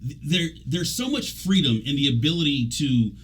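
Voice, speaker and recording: A man's voice: on the high side, animated, normal speed, slightly rough, rough recording. A man hosting a radio talk show as an executive coach, talking casually and animatedly, often trailing off and restarting. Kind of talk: casual conversational interview.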